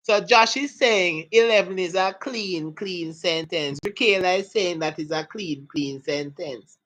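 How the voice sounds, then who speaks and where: Leading a live exam prep lesson, a woman with a mid-range, somewhat bright voice keeps things playful, laughing and joking with students and cheering them on. It's a low-quality recording.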